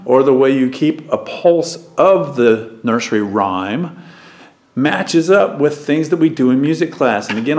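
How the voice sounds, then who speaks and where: Male music teacher, unhurried, counts beats and chants rhymes, roomy echo. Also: medium pitch, a little hiss or hum. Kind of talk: recorded music lesson for children. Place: classroom. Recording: echoey room.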